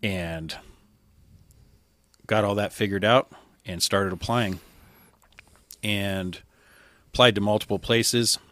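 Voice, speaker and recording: Low-voiced man telling his story candidly. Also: steady tone, slow, pauses often, a bit bright, dry recording. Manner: candid, conversational, quoting others as he tells it. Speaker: podcast guest, firefighter. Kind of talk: casual storytelling.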